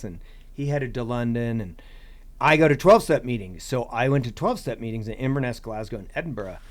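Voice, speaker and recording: A man chatting as a podcast guest about long-distance hiking, rambling with restarts and "you know". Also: medium pitch. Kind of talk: casual podcast chat.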